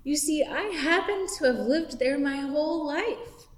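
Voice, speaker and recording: A woman voicing a stubborn male marsh creature who speaks loudly and stoutly. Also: unhurried. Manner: loud, stout, raised pitch. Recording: echoey hall.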